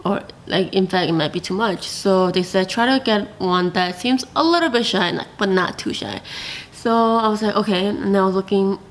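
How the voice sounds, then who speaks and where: Woman vlogger, casual animated storyteller, mid-range voice, chatty to camera. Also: medium pitch, moderate pace. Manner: chatty, animated, many fillers and quoted asides.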